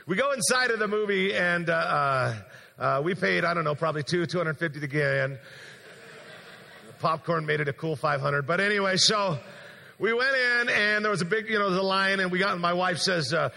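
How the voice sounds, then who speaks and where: A man preaching a sermon as pastor, telling an animated story with acted-out quotes before a congregation in a large church. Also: a little high, brisk, vocal fry. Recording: long church hall reverb.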